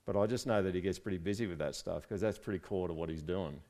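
A man's voice: low voice, fast, dark tone. A man preaching a casual, conversational sermon, with joking asides and frequent "right?" check-ins to his listeners. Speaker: pastor.

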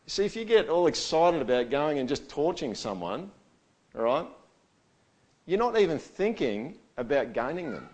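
A middle-aged man preaching a sermon in a chatty way, often checking in with "all right?" and swinging between loud and soft. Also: on the high side, big pitch swings, normal speed. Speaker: pastor.

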